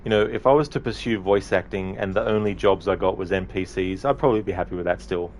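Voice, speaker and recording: A man with a very low voice talks through a game in a loose, rambling commentary. He laughs often and swears offhandedly as he muses. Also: fast talker, darkish tone, a little hiss or hum. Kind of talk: casual gameplay commentary.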